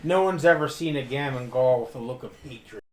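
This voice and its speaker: Measured man narrating his game character. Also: medium pitch. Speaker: tabletop game player. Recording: echoey room with faint ambience.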